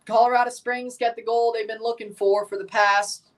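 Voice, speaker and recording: A man hosting a livestream watchalong, giving excitable play-by-play of a soccer match between chatty replies to his viewers. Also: extremely high pitch, normal speed, recorded from a distance. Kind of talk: casual watchalong commentary.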